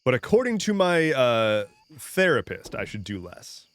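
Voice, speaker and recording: A man streams a farming game and chats jokingly with his viewers, rambling off on tangents, frequently restarting and swearing occasionally. His medium-pitched, somewhat bright voice swings widely in pitch at a measured pace, with a little hiss or hum in the audio.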